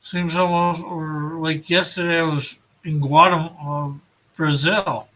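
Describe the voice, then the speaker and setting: Slow, bright-voiced man chatting on stream. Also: a little high. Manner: relaxed, reads viewer comments aloud, laughs at own jokes. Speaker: comic artist streaming while drawing. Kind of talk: casual live-stream chat.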